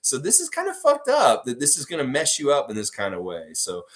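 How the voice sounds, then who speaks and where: Animated, profane young man livestreaming. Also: fairly quick. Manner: animated, profane, laughs at his own stories; acts out quotes in a high exaggerated voice. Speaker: livestream host. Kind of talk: casual livestream chat reading comments. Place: home room where he works.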